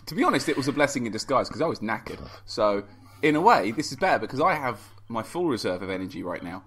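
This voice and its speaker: A man's voice: medium pitch, big pitch swings, quick pace, a bit bright, breathy edge. A man guesting on a casual podcast, trading jokey, playful banter.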